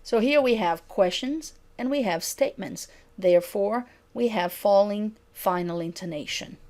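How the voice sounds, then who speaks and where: A woman's voice: medium pitch, a little mellow. Woman lecturing on intonation. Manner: reads example sentences slowly and clearly. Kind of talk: recorded lecture on pronunciation.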